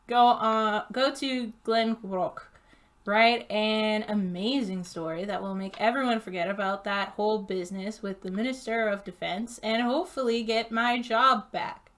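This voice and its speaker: A woman streaming a game, reading its text aloud and chatting casually, laughing often and tripping over unfamiliar names. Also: mid-range voice. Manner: giggly, reads slowly and stumbles on names.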